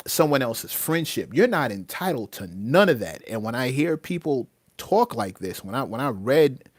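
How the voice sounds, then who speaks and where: A man's voice: medium pitch, very animated, normal speed, no echo. A man hosting his own livestream, ranting emphatically about entitlement, often restarting his words. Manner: heated, emphatic, with many repeated restarts. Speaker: livestream host and rapper.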